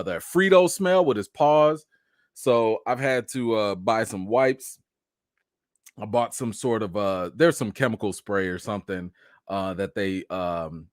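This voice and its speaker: A man runs a casual live stream, calling out viewers by name in an animated, bouncy voice. His pitch swings widely from low to high. The sound is dry, with no room echo. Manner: animated, greets viewers one by one; laughing, chatty storytelling. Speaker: livestream host.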